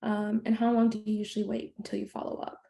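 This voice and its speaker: Gravelly, mellow woman asking a question. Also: mid-range voice, monotone. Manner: tentative, halting questions. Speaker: audience member asking questions.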